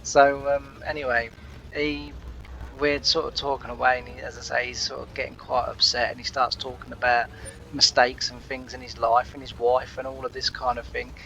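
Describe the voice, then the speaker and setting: A man's voice: mid-range voice, flat delivery, moderate pace, creaky, sharp tone, highs cut off. Rambling man telling a story. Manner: rambling, laughs often, retells talks with "I said". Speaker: gaming channel host. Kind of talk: casual storytelling.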